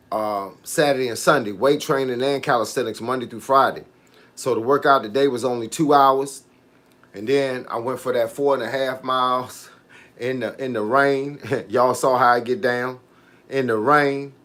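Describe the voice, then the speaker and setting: A man's voice: medium pitch, fairly even intonation, moderate pace, a bit bright. Laid-back man chatting on a live stream. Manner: laid-back, repeats "hey, look" and reads out viewer comments. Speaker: fitness coach livestreaming. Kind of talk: casual livestream chat with viewers.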